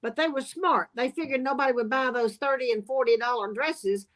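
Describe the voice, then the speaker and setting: A woman's voice: high-pitched, a little fast. A woman, chatting in a folksy way and calling people honey and y'all. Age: 80s. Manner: warm folksy Southern talk, says y'all and honey. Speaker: sewing guest. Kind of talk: casual chat.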